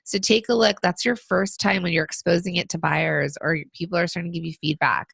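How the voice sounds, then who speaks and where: A woman co-hosting a business podcast, giving casual advice with lots of fillers, her voice still rough from being sick. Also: lowish voice, steady tone, fairly quick, a bit bright, no echo. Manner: conversational, frequent fillers. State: recovering from illness. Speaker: podcast co-host.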